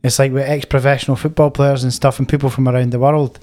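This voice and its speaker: A man's voice: mid-range voice, flat delivery, fast talker, darkish tone. A man with a Scottish accent, a podcast co-host telling a rambling story in casual chat.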